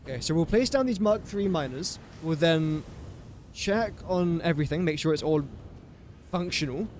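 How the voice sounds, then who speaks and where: Guy chatting through his game stream, kinda high voice, wanders off topic a lot. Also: lively intonation, normal speed, a little mellow, a little hiss or hum. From England. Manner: rambling self-talk, easily sidetracked. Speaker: gaming streamer. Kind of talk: casual gameplay commentary.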